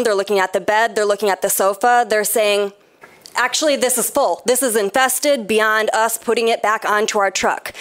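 A woman giving an impassioned public comment at a city council meeting, telling a pointed story. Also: on the high side.

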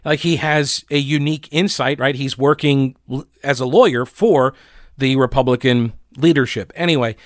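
A man's voice: medium pitch, steady tone, moderate pace, dry recording, studio quality. A male radio talk show host from North Carolina, chatty and sarcastic, full of fillers and restarts. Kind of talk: casual political commentary.

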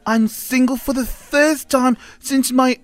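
A man's voice: extremely high pitch, fairly even intonation, slow pace, no echo. A man voicing a prim, demanding 76-year-old widowed granny on a radio show. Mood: prim, fussy. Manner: fussy, demanding, giggly. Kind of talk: radio show read-aloud.

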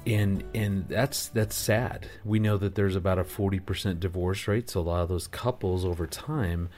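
A man speaking as a relationship expert on a radio segment, explaining calmly and reassuringly. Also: deep voice, normal speed, faint music behind.

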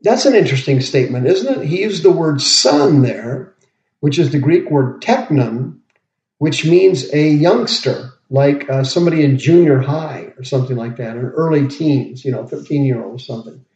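A man preaching a verse-by-verse sermon, slowly explaining each word as he goes. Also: fairly high pitch, animated, darkish tone. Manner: slow, deliberate, pauses to explain words. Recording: roomy, dull lo-fi podcast audio.

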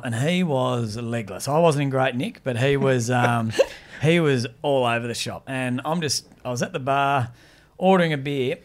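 A man, a podcast host, telling stories in casual chat with an animated manner, often laughing. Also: mid-range voice.

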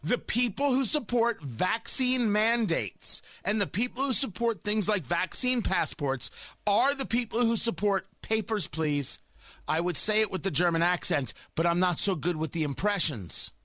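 Sarcastic combative male talk host, bright voice. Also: high voice, expressive, normal speed, dry recording. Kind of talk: opinion monologue.

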